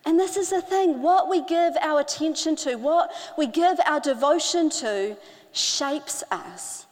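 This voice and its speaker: A middle-aged woman preaching a sermon, earnest, slowing down to stress key phrases. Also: on the high side. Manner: earnest, with slow emphatic phrasing. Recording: hall with long reverb.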